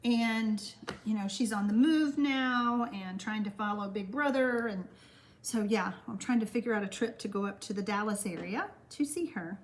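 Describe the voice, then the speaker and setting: A live card-making class is hosted by an older woman with a Texan accent who chats with her audience, reads their comments out, and replies warmly. Her mid-range voice moves at normal speed against slight background noise.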